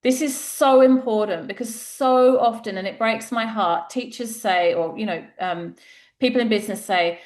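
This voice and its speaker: A woman's voice: fairly high pitch, moderate pace. A woman business coach teaching a group session, chatty and candid, acting out little everyday dialogues.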